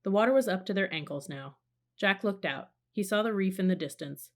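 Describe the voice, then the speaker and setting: A woman reading a children's storybook aloud in a calm, measured narration. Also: mid-range voice. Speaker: audiobook reader.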